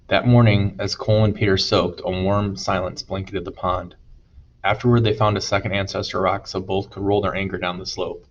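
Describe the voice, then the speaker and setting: A man narrating an audiobook chapter in a steady storytelling manner. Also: sits low, brisk, dull audio, a little hiss or hum. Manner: steady storytelling, voices dialogue. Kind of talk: scripted narration.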